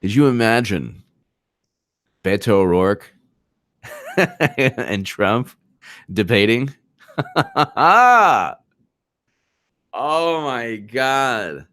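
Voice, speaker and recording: Guy ranting on a livestream, real animated, jumpy pitch, dry close mic. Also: very slow, long pauses, no echo. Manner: animated, rambling, mocking; laughs while reading chat. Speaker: livestream host. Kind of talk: casual political commentary livestream.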